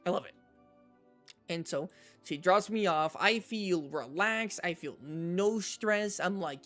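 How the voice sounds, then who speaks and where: A man streaming, telling a personal story to his chat in a casual, animated way, often checking in with "right?". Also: sits high, slow, faint music behind. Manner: animated storyteller, repeats himself, says "right?" a lot.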